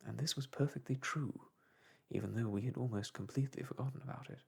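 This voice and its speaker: Husky, hushed male storyteller. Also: mid-range voice, quick pace. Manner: hushed, breathy and gentle. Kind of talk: soft ASMR storytelling.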